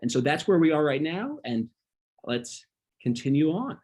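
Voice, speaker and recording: A man leading a casual online wine class, talking through slides with a relaxed manner and frequent ums. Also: fairly high pitch, moderate pace. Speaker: wine workshop instructor.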